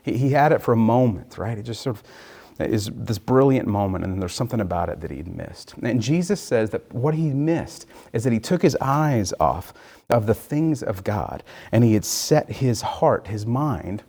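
A man giving an easygoing sermon on scripture, with a mellow, warm tone. He talks things through loosely, stops to check in with his listeners, and keeps his pitch in an ordinary middle range. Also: expressive, normal speed. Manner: casual and thinking aloud, often checking in with listeners. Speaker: preacher. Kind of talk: conversational Bible teaching.

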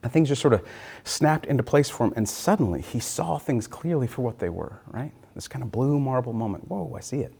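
A man giving an easygoing sermon on scripture, with a mellow, warm tone. He talks things through loosely, stops to check in with his listeners, and keeps his pitch in an ordinary middle range. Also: expressive, a little fast, creaky, breathy edge. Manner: casual and thinking aloud, often checking in with listeners. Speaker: preacher. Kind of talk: conversational Bible teaching.

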